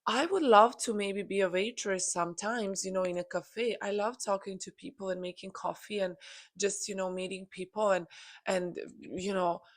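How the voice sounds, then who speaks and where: A woman's voice: medium pitch, moderate pace. A woman channeling a spiritual message to her viewers, earnest and encouraging, with frequent fillers. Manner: earnest, encouraging, many "you know" fillers.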